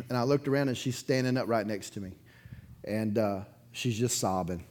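Guy preaching to his church, folksy story mode, laughs a lot, gets loud then drops way down. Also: moderate pace. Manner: conversational storytelling, chuckles between sentences; swings from loud excited bursts to quiet low asides. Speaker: pastor. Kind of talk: sermon. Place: church sanctuary, in front of a congregation.

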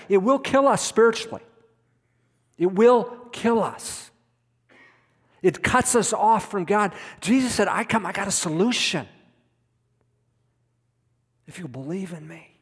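A man's voice: a little high, husky. A middle-aged man preaching a sermon as a pastor, emphatic, repeating words for stress. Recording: long reverb of a hall.

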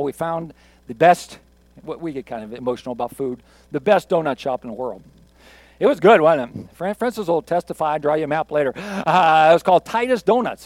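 A male pastor delivers his sermon in an easygoing, joking way, doubling back on words for emphasis. His voice sits notably high. The sound is dry and close, with little room around it. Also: no room sound. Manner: conversational, jokey, emphatic with repeats.

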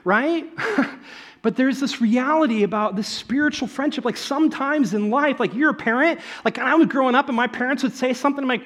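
Guy pastor giving a sermon, high voice, acts out the quotes, gets loud then quiet. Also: a little fast. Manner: animated storytelling with acted-out quotes, swinging between loud and soft.

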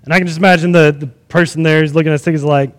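A man preaching a sermon in an animated way, acting out the scenes he tells. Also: fairly high pitch, racing, big-room sound.

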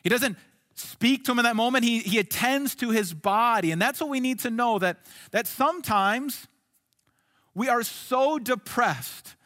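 A male pastor delivers an earnest sermon with a high voice. He drops to soft, hushed lines, then lifts into emphatic ones. His voice rings with the long reverb of a large hall. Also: unhurried.

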